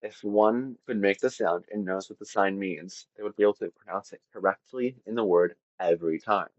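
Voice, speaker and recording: A man's voice: fairly low pitch, moderate pace, no room sound, lo-fi sound. A man narrating an informal lesson on linguistics, casual and self-deprecating with offhand asides. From half Latvian. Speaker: educational video host.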